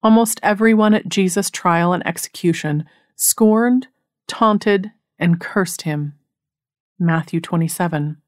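A woman giving an earnest, measured devotional narration that reads out Bible passages. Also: on the low side, no echo, clean studio sound. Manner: measured, earnest reading of scripture. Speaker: Bible teacher.

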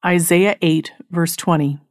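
A woman giving an earnest, measured devotional narration that reads out Bible passages. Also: lowish voice, steady tone, no echo, studio quality. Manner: measured, earnest reading of scripture. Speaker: Bible teacher.

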